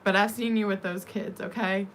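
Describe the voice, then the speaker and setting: A woman's voice: medium pitch, fairly even intonation, normal speed, fairly bright tone, slight background noise, natural voice. A woman doing a blunt, swearing male friend. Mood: blunt scolding. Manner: blunt, coarse, scolding with a put-on accent.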